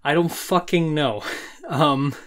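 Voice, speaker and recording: Excitable reaction host, casual swearing and frequent laughter, middle-pitched voice. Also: slow.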